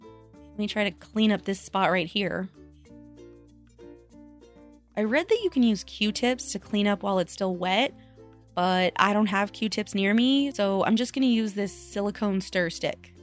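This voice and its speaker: Woman, craft vlogger, chatty, self-deprecating, casual voice-over, mid pitch, soft music underneath. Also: a little slow, long pauses.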